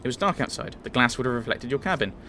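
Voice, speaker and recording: A man's voice: medium pitch, expressive, quick pace, sharp tone, slight background noise. A man doing a cool, scheming woman. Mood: dismissive.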